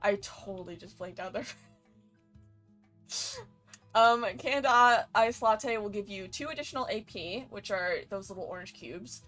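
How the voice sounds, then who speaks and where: A woman's voice: mid-range voice, expressive, unhurried, pauses often, a bit bright, faint music behind. A woman hosting a let's play, with casual gameplay commentary, bubbly and playful, rambling with many fillers.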